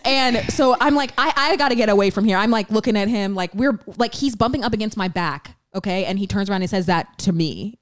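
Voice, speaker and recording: A young woman tells a story at speed, bouncing between her own lines and the people she quotes. Her voice is mid-pitched, and the recording is dry and close. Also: no echo. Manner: fast, excited, acts out quotes. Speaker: podcast co-host. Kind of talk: animated storytelling.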